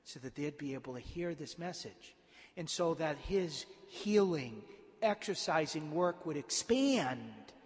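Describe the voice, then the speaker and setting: A male priest preaches a homily in a church with a long, ringing reverb. His voice sits high for a man. He moves between quiet narration and impassioned emphasis. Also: animated, a little slow. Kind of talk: sermon.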